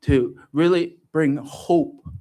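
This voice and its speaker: A man giving a personal testimony at a church livestream, telling his story in an animated way and joking about himself. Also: a little high, slow. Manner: animated storytelling, self-joking, laughs often. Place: church gathering.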